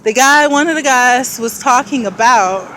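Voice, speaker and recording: Breathless woman, walking vlog, rambling, slightly high voice, loud street traffic behind. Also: moderate pace. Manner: rambling, thinking aloud, frequent laughs. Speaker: vlogger. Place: outdoors on a city street with traffic. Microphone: handheld camera while walking. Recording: street noise and passing traffic. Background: traffic and street ambience.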